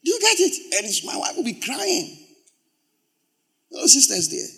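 A male pastor preaches in a high, lively voice. His pitch leaps around as he repeats words for emphasis. He drops from loud exclamations to hushed storytelling and back again. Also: unhurried, pauses often. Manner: swings from loud exclamations to low, quiet storytelling. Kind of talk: sermon.

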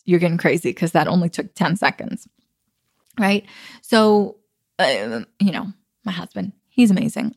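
A woman's voice: mid-range voice, no echo, studio quality. A woman in her thirties hosting her own podcast, talking casually and upbeat, laughing easily. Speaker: podcast host. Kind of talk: casual solo podcast talk. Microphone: computer recording.

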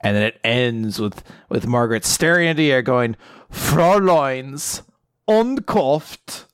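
A man casually recapping a story chapter on a podcast, animated and swearing, popping into quick funny voices for the characters. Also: mid-range voice, clean tone, no room sound, studio quality.

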